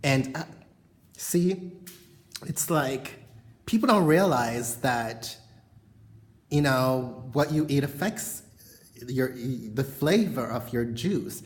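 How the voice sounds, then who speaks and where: A woman's voice: rumbling low, lively intonation, slow pace, long pauses, darkish tone. Woman vlogger, bedroom chat to camera, frank and rambling, lots of fillers. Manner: frank, rambling, heavy on "you know" fillers. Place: bedroom at home.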